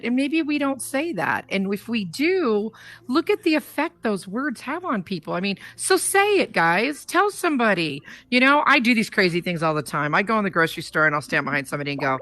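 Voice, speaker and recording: A woman's voice: medium pitch, very animated, brisk, fairly bright tone, no room sound. A woman hosting a casual talk show, speaking emphatically and laughing often. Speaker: host.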